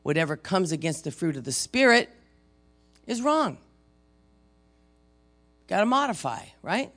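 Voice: mid-range voice, sing-song, a little slow, a bit bright. A preacher giving a sermon and retelling a story, talking casually and asking the audience questions. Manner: conversational, asks the audience questions.

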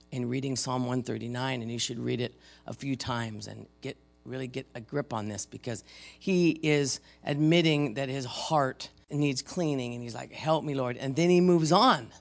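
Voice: medium pitch, moderate pace, creaky. A preacher giving a sermon and retelling a story, talking casually and asking the audience questions. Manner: conversational, asks the audience questions.

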